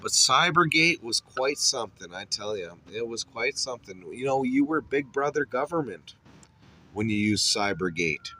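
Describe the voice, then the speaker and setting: A man's voice: mid-range voice, lively intonation, normal speed, background noise. A man hosting his podcast, telling stories in a rambling, profane, boastful way. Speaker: podcast host. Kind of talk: casual monologue.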